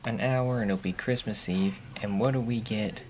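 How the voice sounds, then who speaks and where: A man's voice: lowish voice, fairly even intonation, moderate pace, darkish tone. A man chatting casually at home for his vlog, rambling and grumbling in an offhand way. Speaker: vlogger. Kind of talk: casual chat. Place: at home indoors.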